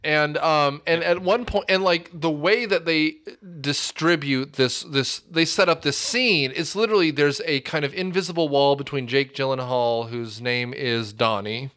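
A man in casual podcast chat, retelling a film scene in a rambling, animated way with many fillers. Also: a little high, normal speed, hardly any pauses. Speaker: podcast co-host discussing a film.

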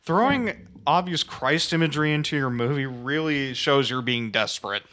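A man's voice: medium pitch, animated, moderate pace, pushed and bright. Wry man chatting casually. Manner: wry, critical remarks. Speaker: podcast co-host. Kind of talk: casual chat.

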